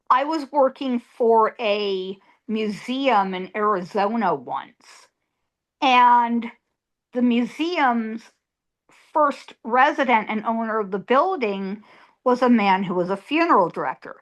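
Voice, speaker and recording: A woman's voice: fairly high pitch, expressive, slow pace. A middle-aged woman, a psychic medium, telling a story as an interview guest in an emphatic way, repeating words for effect.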